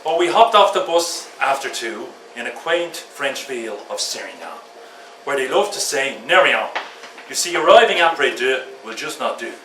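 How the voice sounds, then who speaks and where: A man tells his story and reads a poem at an open mic, his voice rising and falling in a lively way. He is picked up from a distance in a roomy pub with noise behind him. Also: mid-range voice, moderate pace. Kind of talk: chatty preamble and poetry reading. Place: pub function room.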